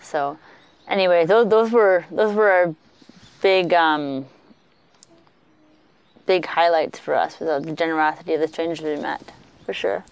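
A woman co-hosting a podcast, telling travel stories in a chatty, animated way with lots of fillers. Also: sits low, a little slow, pauses often, smooth. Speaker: podcast co-host. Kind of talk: casual travel storytelling.

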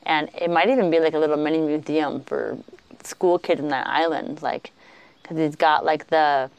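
A woman co-hosting a podcast, telling travel stories in a chatty, animated way with lots of fillers. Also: low-pitched, moderate pace, smooth. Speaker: podcast co-host. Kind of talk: casual travel storytelling.

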